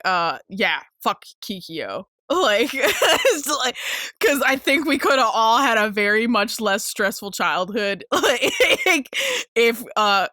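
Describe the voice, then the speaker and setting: A woman in her twenties hosting a casual solo podcast, chatting excitably with lots of swearing, laughter and filler words. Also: on the high side, dry recording, studio quality. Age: 20s. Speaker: podcast host.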